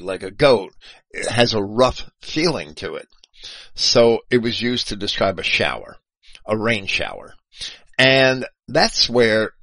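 A man talks through a long explanatory monologue with a lower voice and a bright edge, his pitch rising and falling a lot. He goes slowly, stumbling and circling back to fix his words, and spells terms out letter by letter. The sound is dry, with no room around it. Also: no room sound, poor audio. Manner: halting, with frequent restarts and self-corrections. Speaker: video host.

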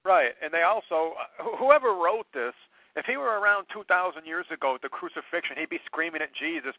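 Man, higher voice, talk show host, indignant, emphatic, tinny phone-like sound. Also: lively intonation, fairly quick, no room sound. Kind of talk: reading a text aloud and rebutting it. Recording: dry tinny phone-like line.

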